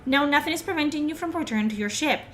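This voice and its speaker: A woman's voice: sits high, lively intonation, very fast, a bit bright, a little hiss or hum, pitched above the performer's own voice. Stern proud governor, as a woman reads him.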